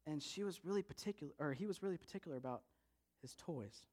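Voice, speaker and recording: A man with a high-pitched voice telling a story to a live audience. He speaks in a lively way, asking his listeners to follow along. His delivery swings between hushed and bright. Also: quick pace. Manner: lively, talks straight to listeners.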